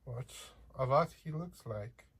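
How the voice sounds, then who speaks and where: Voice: mid-range voice, expressive, a little slow, husky. A chatty unboxing vlogger with a slight accent who talks playfully to viewers and cracks jokes along the way. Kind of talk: casual unboxing chat.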